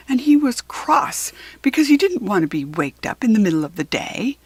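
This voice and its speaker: A woman reading a children's picture book aloud with expressive, animated storytelling. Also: on the high side, normal speed, hardly any pauses, slightly rough, no echo.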